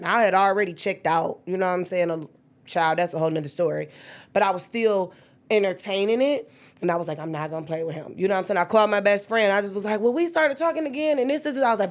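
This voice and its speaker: A woman, telling her own story in a candid podcast chat. Her pitch sits in the middle of the female range, but it jumps up high in sudden bursts whenever she acts out what someone said. The delivery is animated and heartfelt.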